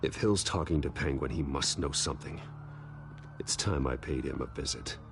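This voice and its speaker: A grim, deep-voiced masked vigilante. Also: male voice, moderate pace, background noise. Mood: determined. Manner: terse, low, determined. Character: grim masked male vigilante hero, terse. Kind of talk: video game dialogue. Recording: game audio with sirens behind.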